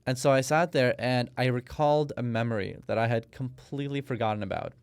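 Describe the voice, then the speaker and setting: A man in his thirties, born in Russia, talks through his story as a podcast guest, stopping and restarting often. His voice is smooth and clear. The mic is close and the sound is dry, with no room around it. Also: medium pitch, fairly even intonation, a little fast, no room sound. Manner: storytelling, hesitant with many restarts and fillers. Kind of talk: conversational interview.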